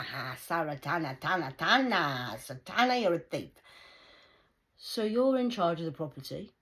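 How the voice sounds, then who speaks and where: A woman's voice: deep voice, low-quality recording. A woman ranting sarcastically to her viewers in a heated, repetitive monologue. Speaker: vlogger.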